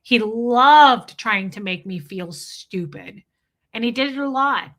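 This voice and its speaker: A woman's voice: on the high side, animated, slow pace, fairly bright tone. A woman hosting a casual livestream, answering viewers in a candid, blunt way and swearing freely. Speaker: livestream host.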